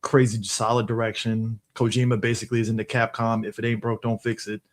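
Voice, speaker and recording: A man co-hosting a casual gaming podcast in a relaxed, conversational way, with frequent fillers. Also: medium pitch, a little fast. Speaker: podcast co-host. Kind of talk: casual chat.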